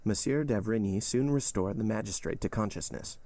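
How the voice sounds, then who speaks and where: A man narrating a classic novel aloud in a steady, measured audiobook style. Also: fairly low pitch. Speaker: podcast host reading a novel aloud.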